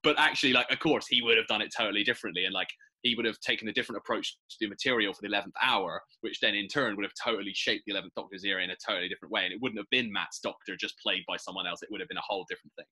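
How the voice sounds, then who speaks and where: A man's voice: on the low side, breathy edge. A man co-hosting a podcast, talking things through casually and animatedly. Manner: quick, bright and animated, musing aloud. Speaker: podcast co-host. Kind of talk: casual chat.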